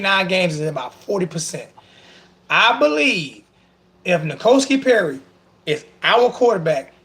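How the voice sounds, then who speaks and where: A man hosting a casual sports talk show, animated and emotional, sarcastic and repeating himself as he talks. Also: high-pitched.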